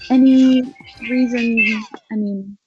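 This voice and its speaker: A woman's voice: fairly high pitch, fairly even intonation, drawn-out words. A woman taking part as a player in a tabletop role-play, speaking hesitantly with many fillers. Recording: muffled lo-fi audio with faint music.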